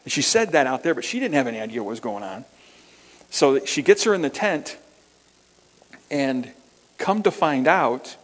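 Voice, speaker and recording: An earnest man preaching from a pulpit, telling a story in a middle-pitched voice that often stumbles over and repeats words. His voice rings with a long hall reverb. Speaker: minister. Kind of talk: sermon storytelling.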